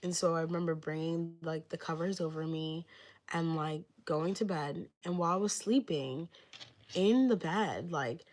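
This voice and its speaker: A woman's voice: low voice, normal speed, a little mellow. A young woman telling a story on a livestream in a rambling, casual way, filling nearly every phrase with "like". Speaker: livestreamer giving readings.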